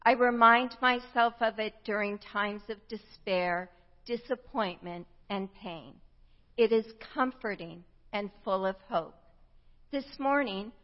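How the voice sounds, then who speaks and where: A woman in her fifties from the United States, preaching a sermon and telling a personal story in a slow, reflective, measured way. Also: on the high side. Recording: dull sound with long hall reverb.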